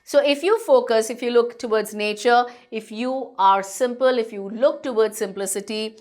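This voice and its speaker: A woman's voice: a little high, normal speed. Patient Indian English woman teaching. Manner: explains patiently, repeats points, reassuring. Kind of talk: online class lecture.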